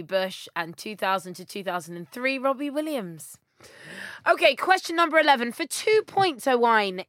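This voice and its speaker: A woman hosting a podcast quiz, reading out questions and answers in a brisk, listing way. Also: a little high, fairly bright tone, no echo, clean studio sound. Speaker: quiz host.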